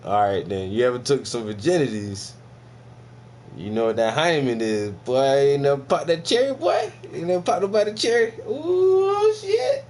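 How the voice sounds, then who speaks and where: Animated, profane American man ranting. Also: medium pitch, unhurried, slight background noise. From United States. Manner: profane, animated, laughs often, mocking asides. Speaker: video commentator reacting to a podcast clip. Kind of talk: casual profane reaction rant.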